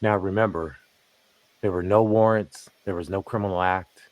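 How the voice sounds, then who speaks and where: A man narrating commentary over footage in a measured, pointed way, asking rhetorical questions. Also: deep voice, steady tone, no room sound, dull audio.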